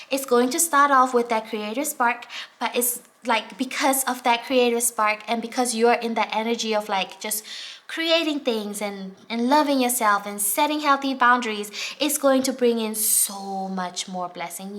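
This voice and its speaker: A woman's voice: on the high side, normal speed, fairly bright tone. A woman giving a casual, enthusiastic tarot reading, chatty and full of fillers. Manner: chatty, many fillers such as "like" and "um"; enthusiastic and encouraging. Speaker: tarot reader.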